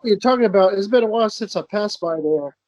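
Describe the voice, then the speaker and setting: High-voiced man, laughing podcast chat. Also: expressive, quick pace, darkish tone, no echo, lo-fi sound. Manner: laughs often, crude humor, restarts a lot. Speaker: podcast co-host. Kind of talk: casual podcast banter.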